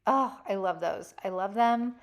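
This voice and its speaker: A woman's voice: medium pitch, unhurried. Chatty woman narrating a craft tutorial. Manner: chatty and enthusiastic, addresses viewers as "you guys". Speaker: DIY crafts channel host. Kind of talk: casual tutorial voice-over.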